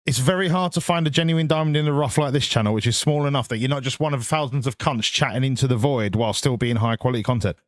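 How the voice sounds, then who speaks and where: A man's voice: medium pitch, fast talker, few pauses, no echo, studio quality. A man chatting casually while streaming a driving game, rambling and swearing freely. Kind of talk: casual live-stream chat.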